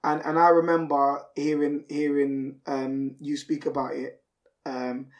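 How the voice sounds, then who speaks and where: Podcast host guy, bit high voice, eager, lots of repeats and fillers. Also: level tone, a little slow. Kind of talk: casual chat.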